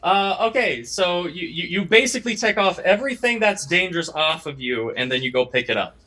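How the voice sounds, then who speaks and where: A man's voice: high voice, animated, a little fast, bright, forceful tone. A young man running a tabletop game as game master, often stumbling and repeating words as he starts his sentences.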